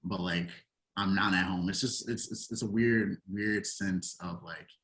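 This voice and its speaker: A man's voice: low-pitched, steady tone, a little slow, a bit bright, low-quality recording. A young man as a podcast guest, reflective and hesitant as he tells his story. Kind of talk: casual podcast conversation.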